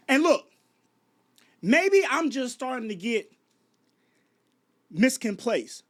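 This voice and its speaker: His voice is very high and sing-song, unhurried, with frequent pauses. He's a vlogger from Chicago in his 30s, ranting to his viewers late at night, stumbling through restarts and asking rhetorical questions.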